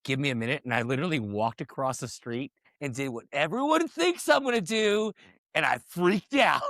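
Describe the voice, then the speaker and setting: Lively higher-voiced man, animated stories. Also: moderate pace, no room sound. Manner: animated storyteller, acts out quotes. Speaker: podcast co-host. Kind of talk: casual chat.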